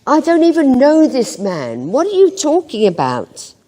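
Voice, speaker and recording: Brief: a woman playing a scared male disciple, pitched up and rushed, reverberant church sound. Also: wildly swooping pitch, warm tone, exaggerated voice. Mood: panicked. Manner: panicked, higher and hurried denials. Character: frightened adult male disciple denying his friend.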